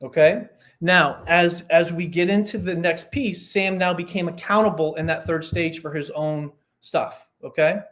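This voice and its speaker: Aussie coach guy chatting on a podcast, bit higher voice, tells stories with lots of asides. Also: a little slow, hardly any pauses. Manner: animated storyteller, explains with examples and asides. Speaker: performance coach guest. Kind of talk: casual podcast conversation.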